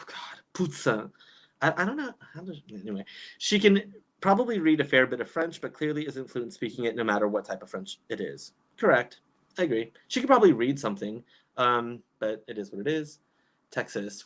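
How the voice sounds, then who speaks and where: Chatty animated young man livestreaming. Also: medium pitch. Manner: chatty, animated, lots of fillers and restarts. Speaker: YouTube commentary host. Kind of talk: casual livestream commentary, reading chat.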